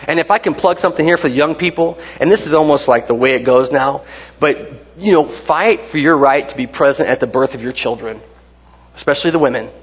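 A man's voice: on the high side, a little fast, breathy edge. A man in his forties preaching a sermon in a church, conversational, with joking asides and rhetorical questions. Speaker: pastor. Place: church sanctuary. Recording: dull sound with long hall reverb.

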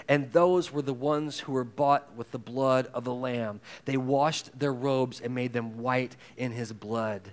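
A pastor with a mid-range voice preaches a sermon conversationally, acting out quoted voices. He moves between loud emphasis and hushed intensity.

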